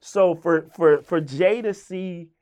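A rapper from Virginia telling stories in a casual interview, swearing freely and acting out what others said. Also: male voice, sits high, takes it slowly, no echo. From Virginia, USA. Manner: animated storyteller, swearing, acting out quoted voices. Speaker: guest, rapper.

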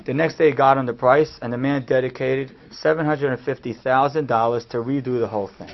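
A man giving a storytelling sermon, animated and acting out the people he quotes, in a dull lo-fi recording. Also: medium pitch, brisk, gravelly. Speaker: speaker giving a talk.

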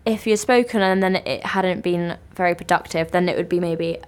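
A young woman co-hosting a chat podcast, giving advice and teasing her friend with quick asides. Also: lowish voice, clear, resonant tone. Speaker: podcast co-host. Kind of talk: casual chat.

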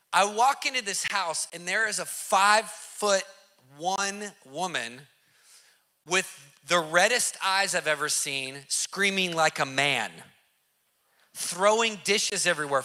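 A man telling a dramatic testimony in an animated, emphatic way, repeating lines for effect and using casual slang. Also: high-pitched. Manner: emphatic, vivid storyteller who repeats for effect. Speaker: Christian activist telling a testimony.

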